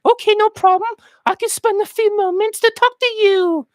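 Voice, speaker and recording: A man voicing a bubbly young woman in a squeaky falsetto, gushing as she answers a stranger. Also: steady tone, normal speed, no echo, studio quality.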